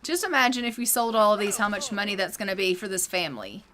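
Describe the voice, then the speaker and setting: A woman's voice: medium pitch, lively intonation, quick pace, bright, forceful tone. A woman streaming a life sim game, chatting playfully through casual gameplay commentary. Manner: chatty, playful, voices her game characters.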